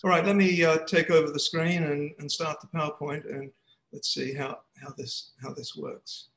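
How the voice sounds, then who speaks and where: A man's voice: fairly high pitch, little pitch movement, normal speed, fairly bright tone, reverberant, a little hiss or hum, poor audio. A man giving an academic seminar talk over a video call, speaking hesitantly with many restarts. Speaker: guest speaker. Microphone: computer mic on a video call.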